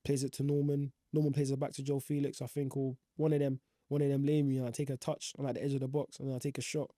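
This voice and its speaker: A man's voice: mid-range voice, flat delivery, quick pace, mellow, no room sound, studio quality. A young man, recounting his football career in slangy, rambling casual talk full of fillers. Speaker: professional footballer guest. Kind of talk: casual storytelling.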